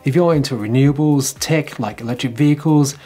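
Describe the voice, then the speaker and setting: A man's voice: medium pitch, brisk, warm tone. An Australian man hosting a casual electric vehicle news vlog, chatty and jokey with enthusiastic asides.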